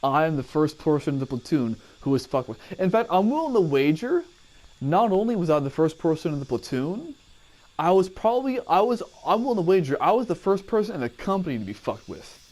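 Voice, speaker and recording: A man's voice: on the high side, sing-song, a little fast, darkish tone. A man telling a personal story casually, rambling, cursing and often correcting himself.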